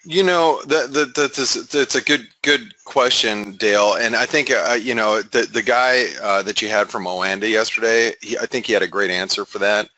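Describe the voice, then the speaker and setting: A man giving casual market analysis, halting with many fillers and restarts. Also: lowish voice, sharp tone, low-quality recording.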